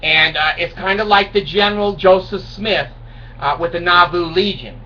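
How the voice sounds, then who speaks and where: This man in his sixties, a video blogger, spins a rambling comic tale at his own expense while facing the camera. His voice sits high and sounds sharp, and he talks at a normal speed. The home recording is dull and distant, with a faint hiss.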